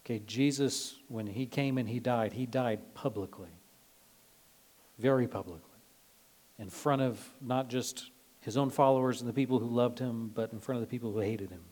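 A man's voice: medium pitch, moderate pace, darkish tone. A male pastor giving a casual, conversational sermon, full of fillers and dramatized quotes. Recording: long reverb of a large hall.

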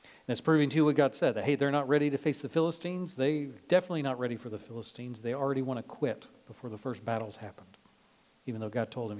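A man's voice: mid-range voice, steady tone, quick pace, a little mellow. A male pastor giving a casual, conversational sermon, full of fillers and dramatized quotes. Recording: long reverb of a large hall.

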